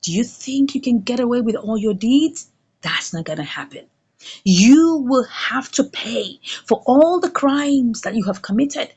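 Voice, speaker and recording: Woman playing a commanding vengeful woman, high and lively. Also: measured pace, slightly rough, muffled recording. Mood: threatening. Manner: threatening, commanding. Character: vengeful woman seeking justice, cold and threatening.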